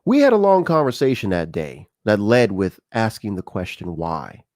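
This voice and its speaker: The host, a middle-aged man, has a lowish voice and a moderate pace. He talks casually on his show, bringing stories to life with acted-out exchanges, in a dry, clean studio recording.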